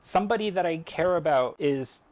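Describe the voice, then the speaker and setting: A man's voice: fairly high pitch, animated, moderate pace, a little mellow, voice pushed up, lightly acted. A man putting on an earnest, anxious young man with a slightly raised, eager voice. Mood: upset.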